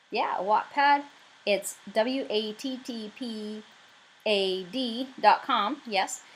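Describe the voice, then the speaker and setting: In this rough recording, a Canadian-accented woman with a mid-range voice promotes her writing campaign on crowdfunding. Talking casually to the camera, she rambles in a chatty way, full of filler words.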